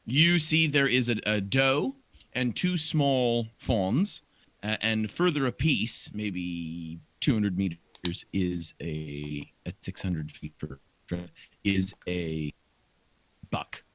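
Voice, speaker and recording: A game master narrating a tabletop game in an unhurried, playful, descriptive way. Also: low-pitched, animated, a bit bright.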